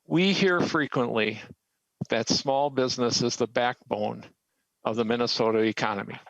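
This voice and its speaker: A man's voice: mid-range voice, normal speed, gravelly, fairly bright tone, dry recording, muffled recording. A man who owns a small business, giving earnest, emphatic testimony to a legislative committee. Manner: earnest and emphatic, pressing his point. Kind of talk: formal testimony, pleading a case.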